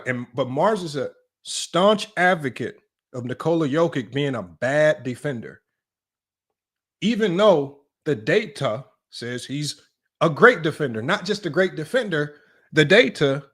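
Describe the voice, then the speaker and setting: Man, fairly high voice, sports debate stream host, emphatic, repetitive, argumentative. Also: a bit bright, husky. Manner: emphatic, repetitive, keeps asking "right?". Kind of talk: livestream sports commentary.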